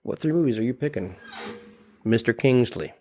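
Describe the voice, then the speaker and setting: A man's voice: mid-range voice, moderate pace. A young man hosting a podcast, chatting casually and joking, with plenty of swearing. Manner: animated, joking, swears freely. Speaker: podcast host. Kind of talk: casual chat.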